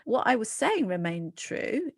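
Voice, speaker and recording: A middle-aged British woman being interviewed as a psychologist, talking earnestly and animatedly with quick restarts. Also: fairly high pitch, big pitch swings. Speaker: guest psychologist. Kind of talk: podcast interview.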